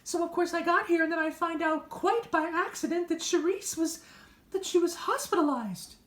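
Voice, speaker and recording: A woman playing a fussy, worried sister who talks in a dramatic, gossipy, halting way. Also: very high voice, a bit bright. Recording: echoey room.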